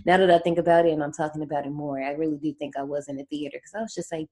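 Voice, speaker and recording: A woman hosting a casual movie podcast, telling the story in a lively, slangy way and laughing often. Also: sits low, quick pace. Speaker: podcast host recapping a horror movie. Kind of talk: casual chat.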